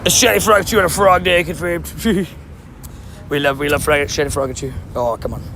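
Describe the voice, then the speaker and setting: A young man streaming a mobile game while walking outdoors, chatting and joking at himself, his voice a little hoarse. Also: on the high side, fairly even intonation, normal speed, bright, forceful tone, slight background noise. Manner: chatty, joking, self-mocking banter. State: slightly hoarse, losing voice. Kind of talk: casual livestream commentary while playing.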